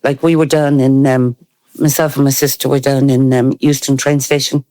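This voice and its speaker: A man from Dublin telling wry stories at an unhurried pace during a group conversation. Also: mid-range voice, flat delivery, warm tone, no room sound. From Dublin, Ireland. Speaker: panel guest.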